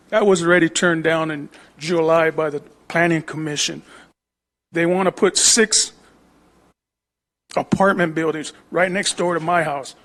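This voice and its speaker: A middle-aged man with a high-pitched voice complains to a city council. He speaks plainly and with rising grievance, asking pointed questions. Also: fairly bright tone. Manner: aggrieved, plain-spoken. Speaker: homeowner at public comment. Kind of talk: city council public comment.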